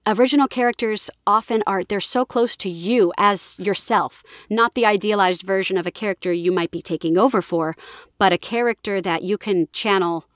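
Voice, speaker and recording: A woman's voice: mid-range voice, normal speed, no room sound, clean studio sound. A young adult woman, a voice actress, chatting enthusiastically in an interview. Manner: enthusiastic, animated, often slips into voices. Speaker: voice actress guest. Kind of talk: casual interview chat.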